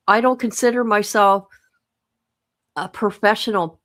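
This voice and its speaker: A woman's voice: medium pitch, unhurried, long pauses. An older woman, a mom and grandma, chatting casually on her livestream in a rambling, sleepy, self-deprecating way. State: sleepy, yawning. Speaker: livestream host. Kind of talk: casual chat.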